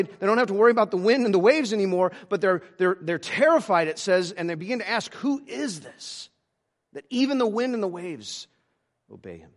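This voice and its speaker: A male pastor preaching a sermon, halting with many restarts, moving between emphatic lines and hushed ones. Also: sits high.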